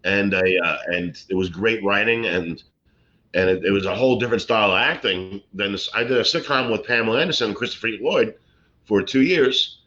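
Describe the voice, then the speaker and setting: A middle-aged man, a comedian telling rambling stories and deadpan jokes in a casual interview. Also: lowish voice, brisk. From Brooklyn, New York. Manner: rambling, joking, deadpan punchlines. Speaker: guest, comedian and actor. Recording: slightly muffled lo-fi recording.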